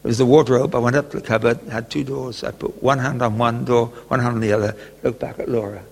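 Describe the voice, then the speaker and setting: Male preacher, gravelly voice, gentle storytelling, long hall reverb. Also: medium pitch, steady tone, quick pace. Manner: gentle storytelling, chuckles often. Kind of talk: sermon with personal story.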